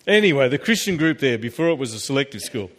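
Preacher in a reverberant hall. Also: male voice, medium pitch, big pitch swings, fast talker, fairly bright tone. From Australia. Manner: emphatic preaching with humorous asides. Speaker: pastor. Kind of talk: sermon. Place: church hall.

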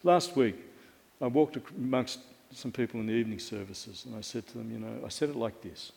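A man's voice: medium pitch, fairly quick, vocal fry, a little mellow. Middle-aged male pastor, conversational and wry sermon delivery, echoing church hall. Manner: conversational, wry, asks the congregation questions. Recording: long reverb of a church hall.

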